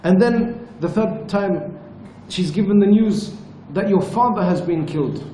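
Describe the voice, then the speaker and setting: A man with a mellow, fairly high voice teaches at a retreat and tells his stories in an earnest, measured way. The room is echoey, and a faint ambience sits behind him. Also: a little hiss or hum. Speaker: religious teacher. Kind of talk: storytelling lecture.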